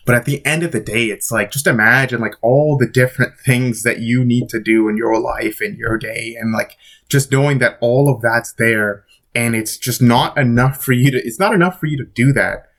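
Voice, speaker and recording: A man's voice: mid-range voice, moderate pace, a bit bright. A man giving a casual monologue to camera in a blunt, swearing, emphatic way, rambling and asking rhetorical questions. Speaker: vlogger.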